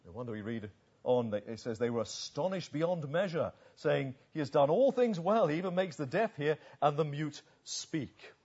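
A man preaching a sermon, shifting between slow emphatic pauses and quicker asides. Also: fairly high pitch, breathy edge, muffled recording. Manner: expressive, varied delivery with slow emphatic pauses.

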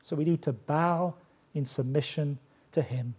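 Older man, preacher, sermon, emphatic deliberate delivery, warm mellow tone. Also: fairly high pitch, breathy edge. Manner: emphatic, with slow deliberate stresses.

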